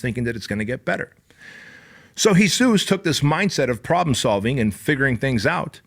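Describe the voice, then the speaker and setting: A man hosting a podcast, telling a story in an animated way, acting out the dialogue and swearing bluntly. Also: medium pitch. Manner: animated, acts out dialogue with raised voice. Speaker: podcast host. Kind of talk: storytelling monologue.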